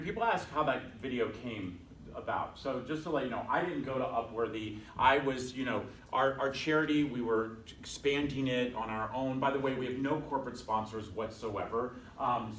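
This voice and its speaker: A man's voice: mid-range voice, brisk, fairly bright tone. A man tells his story to a class in a chatty, self-deprecating way, and he acts out the people he quotes. He sounds distant, as if picked up from across an echoey room. A faint hum of room noise sits underneath. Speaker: guest speaker. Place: conference room at a bank, from a distance.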